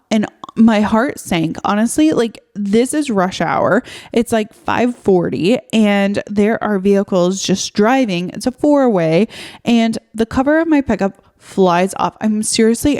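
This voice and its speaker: A woman's voice: mid-range voice, darkish tone. A young adult woman hosting a podcast, telling a story casually in a rambling, filler-heavy, exasperated way. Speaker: podcast host.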